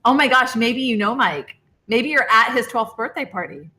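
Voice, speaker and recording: Bright woman reading out viewer ideas. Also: on the high side, lively intonation, moderate pace. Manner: upbeat, reading out viewer comments. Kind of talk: casual stream chat.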